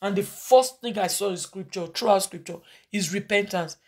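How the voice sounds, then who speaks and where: A woman's voice: medium pitch, normal speed, darkish tone. A woman pastor preaching and leading a congregation in earnest, pleading prayer, repeating short phrases of confession. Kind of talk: sermon with led prayer.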